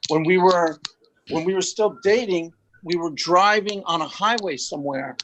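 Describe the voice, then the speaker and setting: A man in a casual group chat telling a lively story with quick asides. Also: high voice, muffled recording, slight background noise. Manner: animated storyteller, quick quips. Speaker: panel guest.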